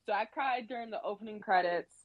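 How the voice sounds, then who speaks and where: A woman from Haiti talking in a casual chat, lively and emphatic with slang. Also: medium pitch, quick pace, no room sound. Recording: dull lo-fi sound.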